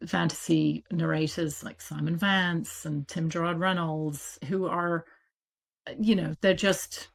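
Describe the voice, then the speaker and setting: Woman, British accent, fairly low voice, animated, chatty interview guest. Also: gravelly. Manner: animated, chatty, quick asides with laughs. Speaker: audiobook publisher, guest. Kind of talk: casual interview talk.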